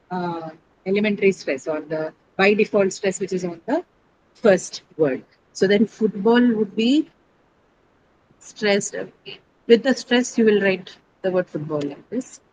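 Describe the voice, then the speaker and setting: A woman's voice: medium pitch, darkish tone, slight background noise, rough recording. A woman teaching an online English class, explaining step by step and often checking in with her students.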